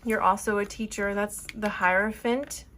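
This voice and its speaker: A woman's voice: mid-range voice, steady tone, moderate pace, a bit bright, slight background noise. A woman giving an earnest, emotional tarot reading, rambling with fillers as she talks to her viewers. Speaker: tarot reader.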